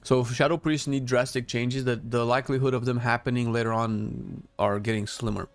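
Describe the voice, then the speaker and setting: A man's voice: medium pitch, fairly even intonation, a little fast. A man streaming a game, chatting casually with viewers and giving blunt opinions while thinking aloud with frequent restarts. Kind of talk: casual live-stream commentary answering chat.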